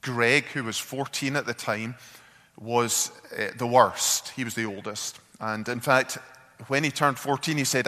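Male preacher, earnest storytelling sermon, halting, repeats words, long hall reverb. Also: mid-range voice, sharp tone.

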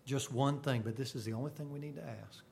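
A man preaching a sermon, swinging from sudden loud bursts to hushed, quiet lines. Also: mid-range voice, quick pace, creaky, slight background noise.

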